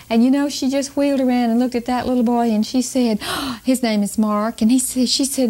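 An older woman teaching about parenting, telling family stories to an audience in a slow, emphatic way with chuckles. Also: on the high side, little pitch movement. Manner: warm storytelling, slow emphatic delivery with chuckles. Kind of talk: storytelling talk to an audience.

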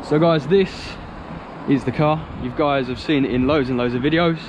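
A man's voice: a little high, moderate pace, highs cut off, noisy background. A young man filming a casual vlog on a handheld phone, chatting to his viewers in a rambling way and calling them guys. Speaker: vlogger. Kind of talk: casual vlog chat to camera. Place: home, then outdoors by a car.

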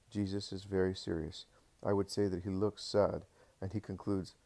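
A man reading a religious text aloud as an audiobook narrator, in a steady, solemn way. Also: low-pitched, moderate pace, gravelly.

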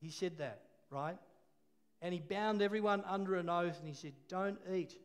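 A man's voice: sits high, moderate pace. A man preaching a sermon, telling a story with laughs and call-and-response.

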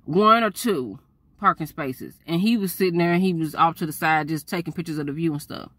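A woman, telling a story to her viewers in a chatty, animated way. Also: deep voice, a little fast, no echo. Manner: lively, chatty, talks straight to viewers.

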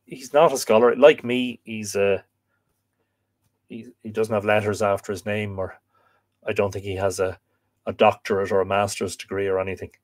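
A man's voice: fairly low pitch, steady tone, normal speed. A man hosting a live stream, chatting casually, rambling with many fillers and restarts as he reads viewer comments. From Ireland. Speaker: host of a live stream on Irish mythology.

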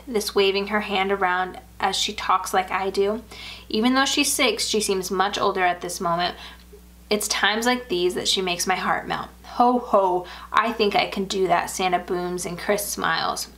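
A woman narrating a first-person horror story aloud in an even, measured way. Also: medium pitch.

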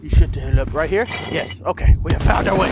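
A young man playing a horror game, talking to his viewers, swearing and yelling in panic at the monsters. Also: a little high, quick pace. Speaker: let's play gamer. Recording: loud game music behind. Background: game music.

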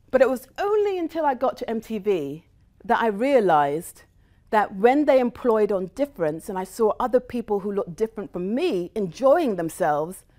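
Woman, middle-aged, grew up in the United States, motivational talk, animated storyteller, varied pitch. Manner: animated storyteller, shifting into quoted voices. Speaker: guest speaker. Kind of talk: motivational talk to a live audience.

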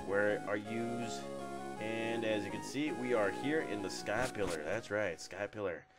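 A man's voice: lowish voice, unhurried. A man giving casual, offhand walkthrough commentary on a video game, joking and trailing off into mumbles. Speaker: gameplay commentator. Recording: video game music underneath. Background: game music.

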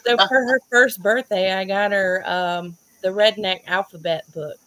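Southern lady hosting a stream, animated storyteller, laughs a lot, acts out what people said. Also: medium pitch, a little slow. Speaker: host. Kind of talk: casual storytelling chat.

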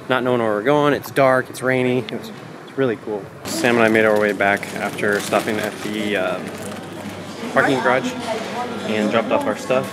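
Young man, casual travel vlog host, jokey and rambling, mid-range voice, clear background noise on a handheld recording. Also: medium pitch. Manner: joking, chatty, rambling. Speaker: travel vlogger. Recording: handheld camera with ambient noise.

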